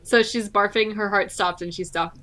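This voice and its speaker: A woman's voice: medium pitch, steady tone, moderate pace, fairly bright tone. A woman co-hosting a casual book-discussion podcast, sarcastic, reading passages aloud with mock drama. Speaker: podcast co-host.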